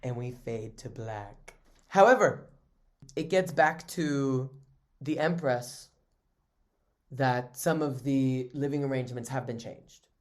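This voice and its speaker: A man's voice: mid-range voice, slow, long pauses. A man co-hosting a podcast, recapping a TV drama in loose casual chat with crude jokes and frequent laughter. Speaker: podcast co-host.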